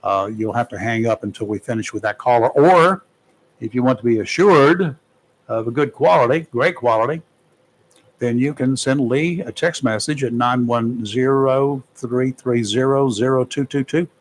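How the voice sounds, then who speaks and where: A man's voice: mid-range voice, moderate pace, rough recording. A man hosting a live talk radio show from a studio, giving casual commentary in a folksy, joking way with plenty of fillers.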